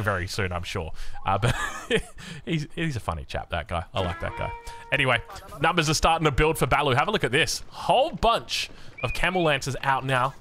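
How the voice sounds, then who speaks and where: A man's voice: mid-range voice, fairly quick, slight background noise. An Australian man giving casual strategy game commentary, joking and poking fun at himself between plays. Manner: animated, joking, self-mocking asides. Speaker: game caster.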